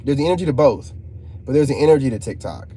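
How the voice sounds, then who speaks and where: A man's voice: medium pitch, lively intonation, quick pace, warm tone, slight background noise. A man, hosting a casual live stream, joking and reading chat aloud. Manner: joking, laid-back, reads chat aloud. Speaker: channel host talking to live chat.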